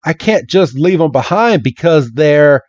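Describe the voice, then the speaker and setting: A man's voice: a little high, lively intonation, unhurried, darkish tone, no room sound. A jittery young trainer, voiced by a man, stammers in a raised, boyish tone, over dull, dry audio. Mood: jumpy, unsure. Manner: stammering, hesitant. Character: nervous young male Pokémon trainer.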